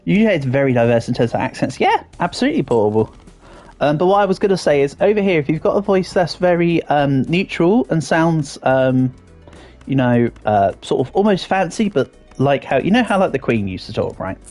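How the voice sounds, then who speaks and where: Lively-voiced English man streaming a game. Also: a little high, brisk, faint music behind. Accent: English, fairly posh southern English. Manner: chatty, playful, trailing off with ums and restarts. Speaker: livestreamer reading chat. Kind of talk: casual livestream chat while gaming.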